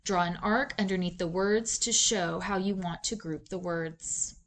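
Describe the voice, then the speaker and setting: A woman narrating a reading lesson in a clear, measured teacher's voice, posing questions to students. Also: lowish voice, fairly bright tone. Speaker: reading instructor. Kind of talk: scripted instructional narration.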